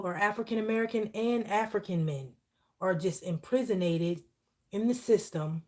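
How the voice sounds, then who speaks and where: A woman with a somewhat low, slightly mellow voice delivers a live channeled spiritual message, sounding close to tears throughout in an emotional, heartfelt way. She preaches earnestly and repetitively, frequently checking in with the listener with "okay?".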